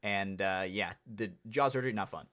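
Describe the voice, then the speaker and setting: A man's voice: low-pitched, normal speed, a bit bright. A man chatting casually on a podcast, rambling with lots of "dude" and "you know". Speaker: podcast co-host.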